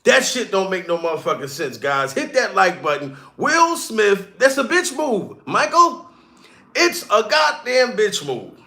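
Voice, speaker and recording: His voice sits high, swings widely in pitch, and has a sharp tone at a measured pace. This comedian streamer delivers a heated, profane, mocking rant on his live stream, calling out to chat throughout.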